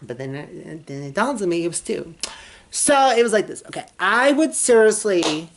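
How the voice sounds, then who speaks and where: A woman's voice: fairly low pitch, sing-song, normal speed, vocal fry, slight background noise. A young woman from Texas telling a personal story in a casual, rambling way, with many restarts and swearing. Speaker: vlogger.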